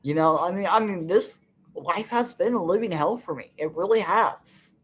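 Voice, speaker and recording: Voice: mid-range voice, normal speed, husky. A vlogger in an unscripted personal monologue, venting in a frustrated, bitter way and swearing a lot, rambling with many fillers.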